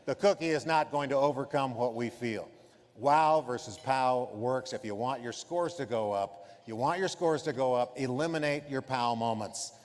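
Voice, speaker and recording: This keynote speaker has a mid-range voice and talks at a normal speed, with a long reverb tail trailing his words. His motivational conference address is emphatic and punchy, and he dramatizes customer scenes on stage.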